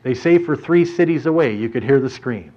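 A man preaching a sermon through an animated story in front of a congregation, dramatically shifting his voice as he tells it. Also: mid-range voice, fairly quick. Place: church or hall with an audience. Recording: dull lo-fi recording.

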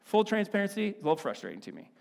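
Pastor, male, fairly high voice; lively, chatty sermon delivery with joking asides. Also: rapid-fire, vocal fry. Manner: animated, conversational, playful asides. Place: church.

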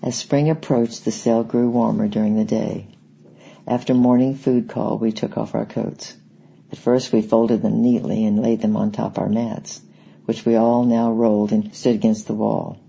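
A man reading an audiobook in a steady, reflective way. His voice is dark and gravelly, and it stays even in pitch. It has a husky, breathy grain. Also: normal speed, low-quality recording. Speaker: audiobook narrator. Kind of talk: scripted narration.

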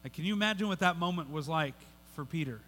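A man's voice: a little high, fast talker, a bit bright. A male pastor preaching a sermon in a conversational way, often repeating words and restarting his sentences. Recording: long hall reverb.

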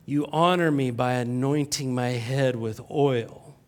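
A pastor with a mid-range voice preaches a sermon, repeating his points, asking the congregation questions and joking. He rises in pitch and slows down on key words.

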